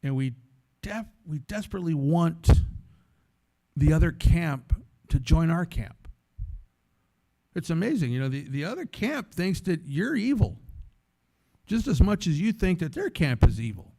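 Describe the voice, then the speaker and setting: A man from San Antonio, a former radio host, telling stories as a guest speaker in a lively, conversational way and acting out the voices in them. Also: a little high, unhurried, creaky, pauses often. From San Antonio, Texas. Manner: animated, conversational storytelling that acts out the voices in it. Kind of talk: storytelling sermon talk.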